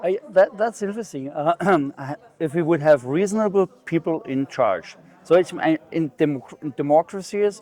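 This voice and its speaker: A man's voice: on the high side, normal speed, hardly any pauses, darkish tone. A man from Germany with a German accent, hosting an interview in a hesitant, thoughtful way. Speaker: host. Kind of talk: conversational interview.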